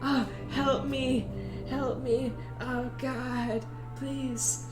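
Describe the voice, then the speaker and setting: Give me a woman putting on a frightened wounded young man, quiet and pleading, a little higher than she talks, in a roomy space with faint music behind. The lines come out slow and breathy. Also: little pitch movement.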